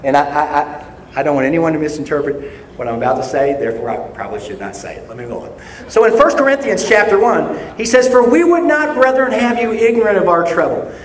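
An older man preaching a sermon, swinging between loud shouted points and quiet, joking asides to his congregation. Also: fairly high pitch, big pitch swings, fast talker. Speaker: pastor. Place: church sanctuary. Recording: echoey church hall from far off.

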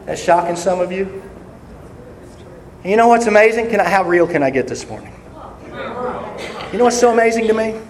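A man's voice: sits high, expressive, normal speed, pauses often. Older preacher man in an echoey hall. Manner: preaching, swings between loud shouting and soft asides to the congregation. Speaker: pastor. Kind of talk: sermon. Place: church sanctuary. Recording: echoey church hall from far off.

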